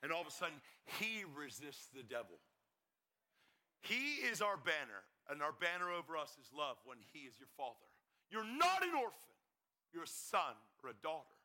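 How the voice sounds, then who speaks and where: Male conference preacher from Pennsylvania: bright, forceful tone, fast storytelling with shouted peaks. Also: on the high side, big pitch swings. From York, Pennsylvania, US. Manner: fast, urgent storytelling with sudden shouted bursts. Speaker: evangelist speaker. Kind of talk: conference testimony sermon.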